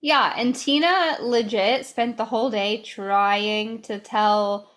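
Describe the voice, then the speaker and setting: A woman co-hosting a podcast in a somewhat high voice, speaking slowly and without hurry. She chats casually, often chiming in with short agreements before adding her own take. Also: fairly bright tone. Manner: unhurried, agreeable, frequent short backchannels. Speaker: podcast co-host. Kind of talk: casual recap chat.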